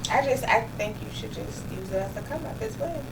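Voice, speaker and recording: A woman co-hosting a casual podcast who hands out advice and comes back to her points. Her voice is high and swings widely in pitch. She sits away from the mic, with clear noise in the background. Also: animated, brisk, recorded from a distance. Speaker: podcast co-host.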